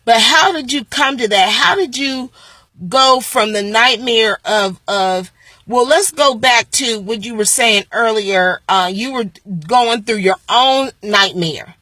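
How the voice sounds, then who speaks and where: Woman host, slow pace, bright, dry close sound, hesitant questions. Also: fairly high pitch, no room sound, rough recording. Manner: slow, hesitant, gentle prompting. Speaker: interviewer, host. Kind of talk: interview questions.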